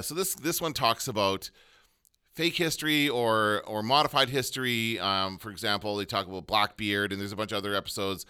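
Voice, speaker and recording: A man's voice: mid-range voice, sharp tone, smooth. A man co-hosting a podcast, chatting casually about shows he likes, with lots of fillers. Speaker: podcast co-host. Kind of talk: casual chat.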